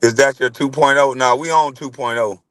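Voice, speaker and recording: A man's voice: mid-range voice, fairly even intonation, moderate pace, fairly bright tone, smooth, dry recording. A man, hosting a casual livestream and bantering loosely with chat, swearing and laughing. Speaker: livestream host.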